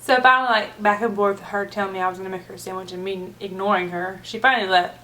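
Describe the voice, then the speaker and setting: A woman vlogger telling a story in a casual, animated way with relaxed slang. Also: mid-range voice, fast talker, a little hiss or hum. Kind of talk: storytime vlog.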